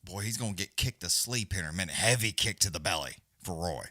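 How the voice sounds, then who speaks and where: A man's voice: low-pitched, animated, fast talker, sharp tone, dry recording, studio quality. A man giving loose, profane, casual live fight commentary as a companion-stream host. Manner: profane, blunt, loose, Southern-leaning slang.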